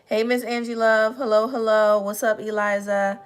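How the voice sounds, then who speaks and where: A woman hosting a casual motivational livestream, chatty and earnest, slightly hoarse, greeting viewers by name as she talks. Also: a little high, level tone, normal speed. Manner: earnest, encouraging, addresses audience as y'all. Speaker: livestream host.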